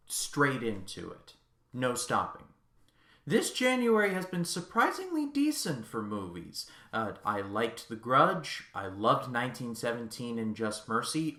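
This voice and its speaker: A man's voice: mid-range voice, pushed and bright. A man reviewing a film in a casual vlog, ranting in an exasperated, sarcastic way. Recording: echoey room.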